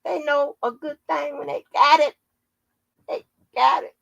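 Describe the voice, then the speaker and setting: Female channel host, gravel in the voice, loose, profane and laughing, dry close sound. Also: high-pitched, steady tone, measured pace, fairly bright tone, no room sound, highs cut off. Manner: salty, laughing, profane storytelling. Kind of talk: casual livestream chat.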